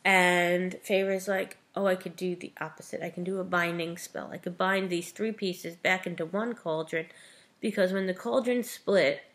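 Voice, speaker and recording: A woman's voice: fairly low pitch, steady tone, normal speed, a bit bright. A woman retelling a novel's plot in a chatty book review vlog, often saying "like" and "you know".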